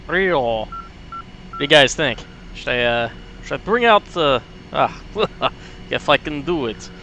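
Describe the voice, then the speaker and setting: A man's voice: fairly high pitch, animated, slow pace, bright, forceful tone, slight background noise. A man streaming a flight sim, chatting casually with friends and thinking aloud with fillers. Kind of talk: casual gaming chat.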